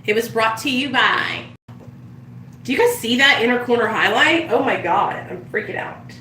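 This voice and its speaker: A woman's voice: a little high, moderate pace, echoey room, distant mic, noisy background. A woman chatting casually on a live stream, telling stories and swearing freely as she does her makeup. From United States. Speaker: vlogger.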